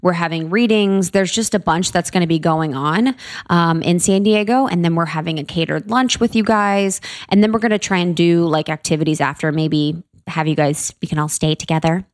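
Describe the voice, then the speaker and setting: Podcast co-host, woman, lowish voice, dry close mic, bubbly and enthusiastic. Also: moderate pace, no echo. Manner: upbeat, enthusiastic. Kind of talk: casual chat.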